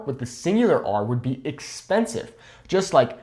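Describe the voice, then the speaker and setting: An encouraging young man teaches Spanish pronunciation in an online lesson. His voice rises and falls a lot, and he speaks at a medium pitch. He keeps checking in with the listener after each point and says example words slowly and carefully. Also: sing-song, darkish tone.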